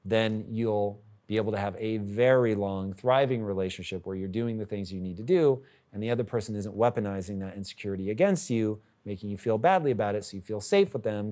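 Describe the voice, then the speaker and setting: A man's voice: lowish voice, mellow. A man hosting a podcast, giving blunt, emphatic advice and swearing casually. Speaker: podcast host. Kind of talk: candid advice talk.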